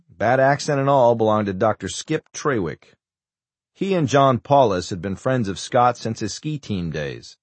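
A man reading a thriller audiobook as narrator, in a measured way. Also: fairly low pitch, breathy edge, no room sound. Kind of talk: scripted narration.

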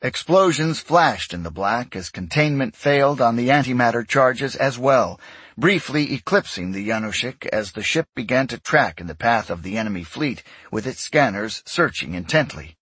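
A man narrating a science fiction audiobook in a steady, measured storytelling voice. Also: mid-range voice, breathy edge, no echo. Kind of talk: scripted narration.

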